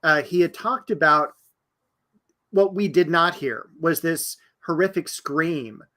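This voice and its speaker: Reflective male guest, fairly high voice. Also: slow, sharp tone. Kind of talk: casual chat.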